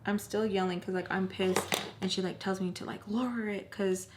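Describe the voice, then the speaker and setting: A woman's voice: medium pitch, fairly even intonation, normal speed, slight background noise. A young woman in her twenties telling a personal story to camera in a casual storytime, filling her sentences with "like" and sometimes dropping to a near whisper. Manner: frequent "like" fillers, drops to near whispers when tense.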